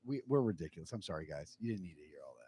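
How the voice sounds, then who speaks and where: A man co-hosting a casual cigar livestream, joking and quick to laugh. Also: deep voice, expressive, dark tone, slight background noise. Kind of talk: casual chat.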